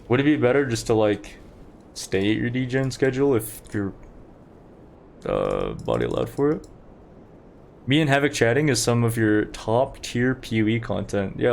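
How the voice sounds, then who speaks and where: Playing a game on stream, a young man talks to chat in a rambling, casual way. His medium-pitched voice is expressive, creaky and a little mellow at normal speed, he pauses often, and there's a little hiss or hum.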